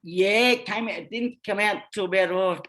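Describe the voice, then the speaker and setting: A man's voice: sits high, moderate pace, pushed and bright. An Australian man telling rambling stories as a podcast guest, talking bluntly and swearing freely. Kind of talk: casual storytelling.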